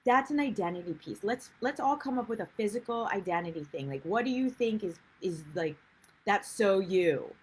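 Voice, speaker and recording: A woman's voice: mid-range voice, expressive, a little fast, few pauses, a little hiss or hum, rough recording. A woman life coach giving a chatty, rambling livestream talk and greeting viewers as she goes. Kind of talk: live-streamed coaching talk.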